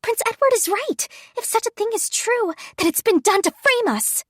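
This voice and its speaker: A woman voicing a simpering, scheming young woman with a high, whiny delivery. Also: lively intonation, normal speed, dry recording, clean studio sound. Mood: indignant.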